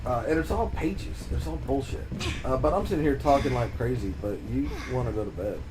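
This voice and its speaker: A man's voice: mid-range voice, a little fast, noisy background. A man streaming a game and chatting casually, swearing freely and laughing as he rambles through stories. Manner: profane, laughing, loose storytelling. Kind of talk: casual chat while gaming.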